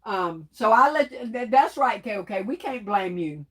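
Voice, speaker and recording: A woman's voice: mid-range voice, animated, unhurried, slightly rough. A woman hosting a casual livestream, chatty and laughing often as she reads viewer comments aloud. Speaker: livestream host reading chat.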